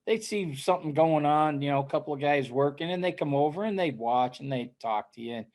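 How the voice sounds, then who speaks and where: A man co-hosting a casual chat, telling an animated story and often tagging his lines with "right?". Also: a little high, fairly quick. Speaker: co-host.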